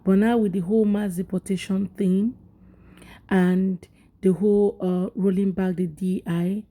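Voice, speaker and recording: A woman giving casual, earnest reaction commentary, halting with fillers. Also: medium pitch, warm tone.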